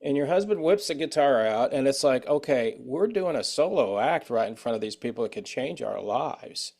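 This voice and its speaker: A man hosting a casual interview, chatty and quick with eager agreement. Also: mid-range voice, expressive, gravelly, darkish tone. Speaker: podcast host.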